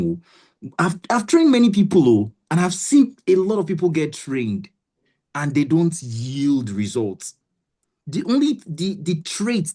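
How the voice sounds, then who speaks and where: A woman's voice: a bass voice, mellow. A woman with a Nigerian accent coaching voice actors in a motivational webinar, emphatic and repetitive, often checking that listeners understand. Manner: emphatic, repeats herself, keeps asking "do you understand".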